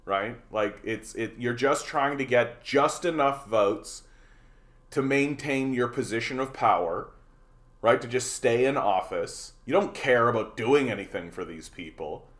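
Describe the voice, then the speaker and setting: A Canadian man hosting a political livestream, ranting sarcastically and repeating words as he goes. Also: medium pitch. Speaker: livestream host.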